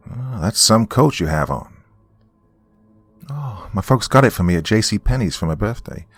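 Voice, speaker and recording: A man's voice: lively intonation, normal speed, slightly rough, no room sound, soft background music. A man putting on a scared young girl's voice. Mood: pleading. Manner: high pleading voice. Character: frightened thirteen-year-old girl.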